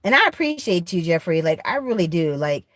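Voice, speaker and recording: A woman's voice: lowish voice, big pitch swings, brisk, dry recording. A woman hosting a livestream, talking to her viewers in a heartfelt, emphatic way. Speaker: livestream host. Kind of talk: casual livestream chat. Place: rented room in a shared house.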